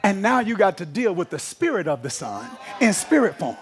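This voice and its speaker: A man's voice: high voice, sing-song, moderate pace, a little hiss or hum. A man preaching a sermon, emphatic, often checking that the congregation is following him.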